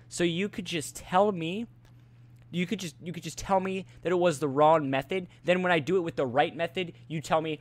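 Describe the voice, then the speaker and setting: A man's voice: fairly high pitch, fairly even intonation, normal speed. A teenage boy venting in an angry rant about school, profane and exasperated, often stumbling over his words and restarting. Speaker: student venting on a vlog.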